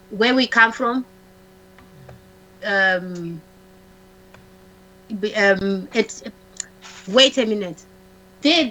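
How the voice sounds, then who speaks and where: A woman, a talk-show guest, telling a personal story in a halting way, restarting often, repeating words and acting out what others said. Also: on the high side, bright, forceful tone, poor audio. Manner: acts out the dialogue of others in her story.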